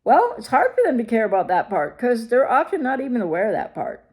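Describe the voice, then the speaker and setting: Speaking quickly in a fairly high, sing-song, somewhat mellow voice, a woman recovery coach addresses her viewers straight to camera. Her advice is emphatic and packed with rhetorical questions.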